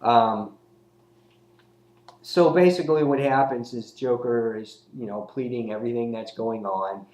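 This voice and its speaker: Guy rambling thru a comic review, kinda low voice, echoey room. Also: a little mellow, slight background noise. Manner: rambling, lots of fillers and restarts. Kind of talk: casual spoken review.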